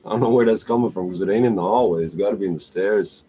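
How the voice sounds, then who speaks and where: A man's voice: fairly low pitch, fast, mellow. A middle-aged man in a crude, scornful, profane ranting monologue. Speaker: vlogger. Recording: dull lo-fi recording with faint hiss.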